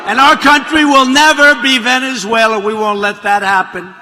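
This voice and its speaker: A man's voice: very high voice, fairly even intonation, moderate pace, noisy background. A man speaking at a political rally, rambling and mocking, repeating his lines and drifting into asides. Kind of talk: rally speech. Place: large rally venue. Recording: reverberant hall audio.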